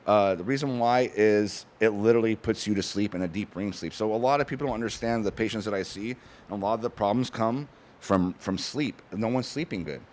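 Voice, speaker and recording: Fast-talking man telling stories. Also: lowish voice. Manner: fast, animated storyteller, frequent restarts. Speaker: guest, cannabis company founder. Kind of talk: casual chat.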